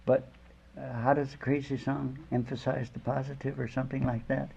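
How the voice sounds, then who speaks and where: A creaky, dark, mid-range male voice with a breathy edge and a flat, brisk delivery belongs to an older spiritual teacher. He rambles through an informal, story-laden sermon, chuckling during conversational asides, captured in a dull lo-fi lecture recording.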